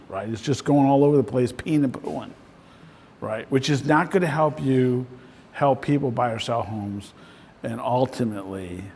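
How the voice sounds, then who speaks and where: A man's voice: medium pitch, a little mellow, a little hiss or hum. A man in the role of a real estate coach, giving a casual, conversational talk to a small group and often ending points with "right?". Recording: voice in a reverberant room.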